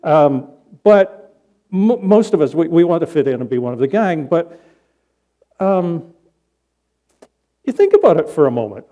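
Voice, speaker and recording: A male pastor giving a sermon in a church, telling a story in a conversational way with pauses. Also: a little high, sing-song, dark tone, lo-fi sound. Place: church sanctuary.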